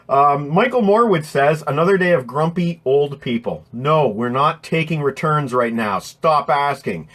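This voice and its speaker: A man's voice: a little high, expressive, normal speed, hardly any pauses, a bit bright. A man hosting a casual live stream, rambling and swearing as he reads out chat names, his throat strained from voiceover work.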